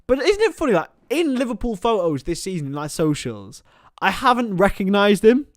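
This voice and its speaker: A man's voice: high voice, big pitch swings, fairly quick, dry recording, studio quality. A young man hosting a live stream, casually commenting on a football match and chatting with viewers by name, laughing often.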